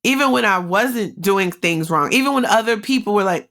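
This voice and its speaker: A woman's voice: mid-range voice, expressive, moderate pace, a bit bright. A woman podcast host telling a personal story in a candid, emotional way and speaking straight to her listeners. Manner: conversational, with many "like" fillers.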